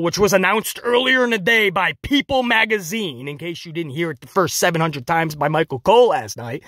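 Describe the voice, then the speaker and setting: A man reviewing a wrestling show in casual solo commentary, animated and jokey, slipping into quick mocking impressions. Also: a little high, no room sound, studio quality.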